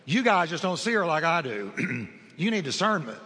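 Preacher guy telling a story in a sermon, slightly high bright voice, big echoey church sound. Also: big pitch swings, normal speed, slight background noise. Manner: storytelling, acts out quoted dialogue. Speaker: pastor.

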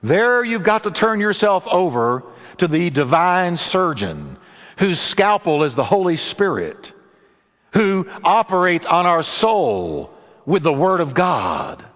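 A male preacher who delivers his sermon emphatically, slowing down for dramatic pauses. His voice sits a little high and swings widely, with a long reverb behind it. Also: very animated, a bit bright. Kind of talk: sermon with storytelling.

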